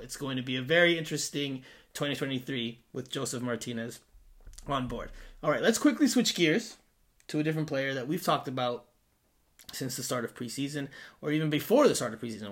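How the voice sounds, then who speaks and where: A man co-hosting a sports podcast in casual chat, animated and sarcastic with sudden rises in his voice. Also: mid-range voice. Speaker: podcast co-host.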